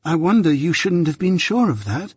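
A man's voice: fairly high pitch, big pitch swings, normal speed, husky, dry recording, studio quality, voice pushed up. A man voicing a timid, hesitant young boy.

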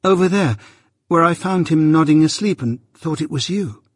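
A man's voice: a little high, moderate pace, breathy edge, no room sound, studio quality, pitched above the performer's own voice. A man voicing a timid, hesitant young boy.

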